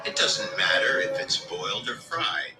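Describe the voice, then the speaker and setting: A man in a soundboard clip, taunting in a sing-song way over loud music. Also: sits low, sing-song, a little slow, reverberant.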